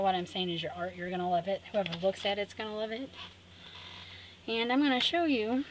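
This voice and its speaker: A woman hosting a craft tutorial, chatting to viewers and talking herself through the steps with cheerful asides. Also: medium pitch. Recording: clear background noise.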